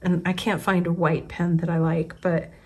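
A woman's voice: lowish voice, little pitch movement, moderate pace, husky. A woman in her forties, an artist from the United States, thinking aloud in a casual, rambling way, often restarting her sentences. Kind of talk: casual spoken reflection.

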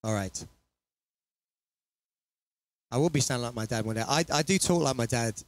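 A man's voice: mid-range voice, normal speed, no room sound. A man chatting casually and rambling between songs as he performs for an online audience from his small home studio. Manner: rambling, chatty, laughs at himself.

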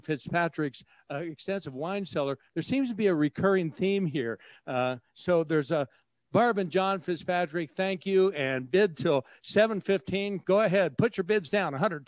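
A man working as auctioneer at a live charity auction, cracking jokes between items and breaking into a rapid bid chant. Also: on the high side, dry recording. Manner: jokey, chatty asides, rapid bid chant.

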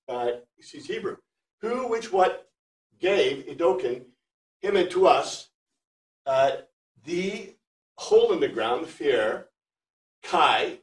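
A man teaching a Bible class, chatty and animated, reading Greek phrases word by word for his students. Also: high voice. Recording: echoey room, far from mic.

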